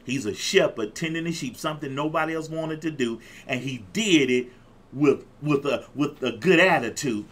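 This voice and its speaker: Fifties guy preaching hard, high voice swinging all over, fired up call and response. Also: animated, moderate pace, a bit bright, a little hiss or hum. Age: 50s. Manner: exuberant, call-and-response preaching with repeated phrases. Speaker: pastor. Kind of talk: sermon.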